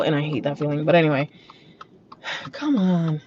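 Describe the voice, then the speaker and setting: A woman vlogger drives while talking to her viewers in a casual car monologue, chatty, blunt, and freely profane. Her low voice keeps a measured pace. The muffled lo-fi audio picks up traffic and road noise.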